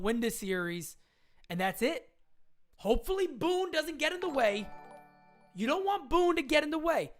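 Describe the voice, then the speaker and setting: A woman hosts a casual livestream for sports fans, answering viewer questions as she goes. Her pitch swings widely, and she drives points home by repeating them in blunt, slangy fan talk, swearing now and then.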